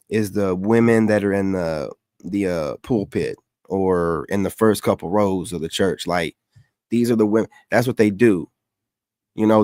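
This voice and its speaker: A man's voice: on the low side, darkish tone, no echo, studio quality. A man hosting a reaction commentary, mocking and dismissive as he talks back at clips.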